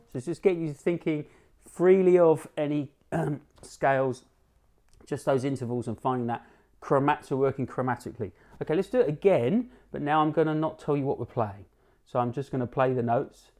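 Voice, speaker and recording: A man with a British English accent teaching a live online jazz lesson over a video call, talking in a relaxed, instructive way with many fillers and restarts. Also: medium pitch. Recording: faint piano music behind the voice. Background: piano notes.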